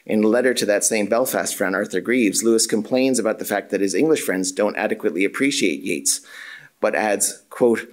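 A man's voice on the low side belongs to a drama and theatre studies lecturer reading his academic paper. He proceeds in a formal, measured way and occasionally adds a dry comment.

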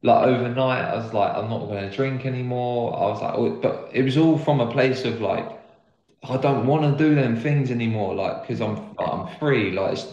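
A man's voice: medium pitch, moderate pace, darkish tone, highs cut off. A young man telling a personal story in casual chat, rambling and earnest, with lots of filler words. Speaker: guest footballer. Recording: roomy echo.

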